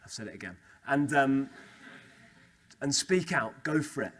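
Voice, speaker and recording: Bright, energetic preacher man. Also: medium pitch, a little slow, husky. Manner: energetic, conversational, repeats phrases for emphasis. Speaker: speaker at a student Christian Union meeting. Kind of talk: lively sermon talk. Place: student meeting room.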